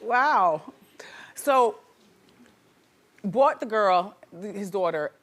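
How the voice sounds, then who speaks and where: A woman hosting a gossip talk show, chatty and playful with loud exclamations, in a studio with a live audience. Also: medium pitch, animated, extremely slow. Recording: noisy studio with crowd. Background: audience laughter and cheers.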